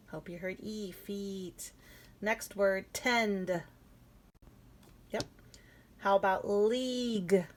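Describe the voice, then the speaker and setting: A woman teaching a phonics lesson to young children, sounding out letters clearly and encouraging them. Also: medium pitch, low-quality recording. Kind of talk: early-reading phonics lesson.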